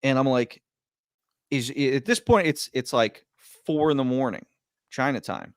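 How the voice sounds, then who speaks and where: A man casually telling a long story on a podcast, rambling and stumbling over his words, his voice swinging between loud bursts and quiet mutters. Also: mid-range voice, a little slow, no echo, clean studio sound. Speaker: podcast guest.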